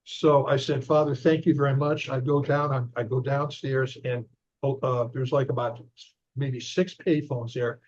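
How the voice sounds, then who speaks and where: A man's voice: medium pitch, little pitch movement, unhurried, a little mellow. A man recounting a long personal story as a guest in an interview, rambling with frequent restarts. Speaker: guest author and investigator. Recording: dull lo-fi audio.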